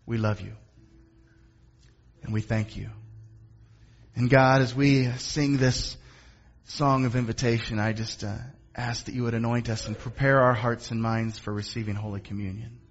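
A pastor closing his sermon and leading a prayer in an earnest, unhurried, softly prayerful way. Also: mid-range voice, fairly even intonation, dull audio.

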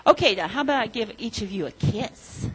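Lady doing a kids sermon, gentle, asks the kids stuff, husky higher voice. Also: animated, fairly quick, poor audio. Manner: gentle, asks children questions. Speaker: children's sermon leader. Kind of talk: children's sermon and storytelling.

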